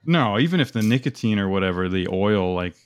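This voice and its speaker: A young man with a very low voice rambles through casual podcast banter, swearing and piling on fillers. His voice sounds dry and close, with no room around it. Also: animated, fairly quick, smooth, no room sound. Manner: rambling, profane storytelling with lots of fillers. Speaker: podcast co-host. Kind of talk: casual chat.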